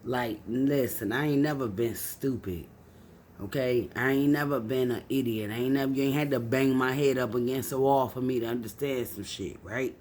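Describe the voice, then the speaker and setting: Young woman, emotional confessional vlog delivery, tipsy, swinging from hushed to loud and cursing. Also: moderate pace, a little hiss or hum. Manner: raw, profane, swings from low and subdued to loud and angry. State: tipsy from drinking. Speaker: vlogger. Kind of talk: emotional personal storytelling.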